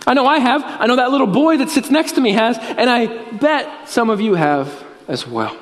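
A man's voice: very high-pitched, lively intonation, fairly quick, fairly bright tone, big-room sound. A man preaching a sermon as pastor, telling a story earnestly and quoting scripture.

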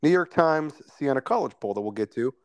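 A man's voice: medium pitch, animated, brisk, smooth, no echo. A man hosting a political podcast in casual chat, wry in tone and steering the segments along. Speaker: podcast host.

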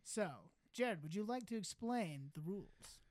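A man's voice: sits high, animated, unhurried, darkish tone, no echo. A man with an Ohio accent hosting a comedy podcast, joking and laughing between lines. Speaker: podcast host. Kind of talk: casual comedy chat.

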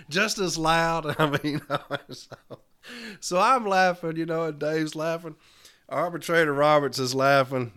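A man's voice: fairly high pitch, a little slow, fairly bright tone, smooth. A middle-aged man, a podcast host telling a story and ranting bluntly with lots of laughter and profanity. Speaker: podcast host and letter carriers' union advocate. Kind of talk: storytelling rant.

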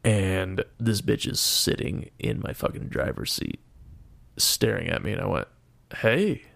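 A man's voice: sits low, animated, measured pace, gravelly, a bit bright. A young man casually retelling a story in a profane, exasperated way. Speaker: storyteller guest.

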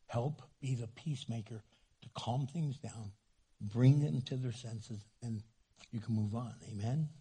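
A man preaching a sermon as a pastor, from New Mexico, joking with the congregation and doing quick funny voices. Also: mid-range voice, dark tone, breathy edge.

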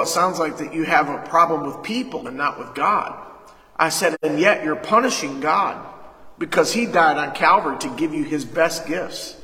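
Male pastor, bright voice, sermon in a church, echoey room, call-and-response. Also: a little high. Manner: call-and-response preaching, retelling a conversation with sudden loud emphasis. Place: church sanctuary. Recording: echoey hall reverb.

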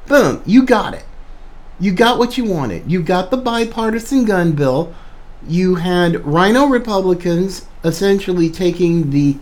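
A podcast host rants through an opinion monologue, hammering points home by repeating them. The delivery is slow and deliberate. The pitch swings widely as the indignation builds. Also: darkish tone. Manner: emphatic, repeats phrases for stress; indignant, ranting.

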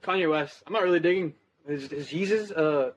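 A band member gives short, offhand answers in a relaxed interview. His voice sits a little high for a man. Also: a little fast, a little hiss or hum. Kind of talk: casual interview chat.

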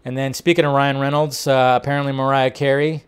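A man hosting a casual entertainment news talk, animated and rambling, laughing often. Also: mid-range voice, a little fast, clean tone. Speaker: host.

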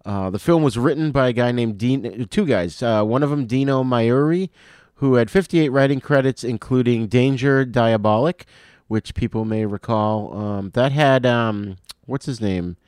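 A man co-hosting a film podcast, easygoing, laughing often and trailing off quietly. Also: mid-range voice, moderate pace, smooth, no room sound, studio quality. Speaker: podcast co-host. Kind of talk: casual film review chat.

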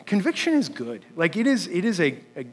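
A male pastor with a high, husky voice delivers an earnest, conversational sermon full of restarts and casual fillers. His words ring out with a long reverb from a large church hall. He leans hard into his emphatic points. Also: huge pitch swings, a little fast. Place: church sanctuary.

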